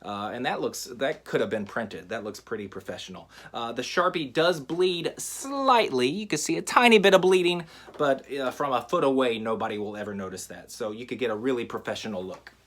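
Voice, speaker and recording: A man teaching a magic trick in a relaxed, chatty how-to style, with frequent fillers. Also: medium pitch, brisk. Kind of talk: casual how-to tutorial.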